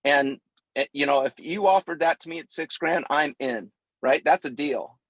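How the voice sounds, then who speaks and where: Husky man, excitable on a call. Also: on the high side, moderate pace, dry recording, low-quality recording. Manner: animated, excitable, stammering restarts. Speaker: guest on a video call. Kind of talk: casual endorsement on a call. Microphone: video call.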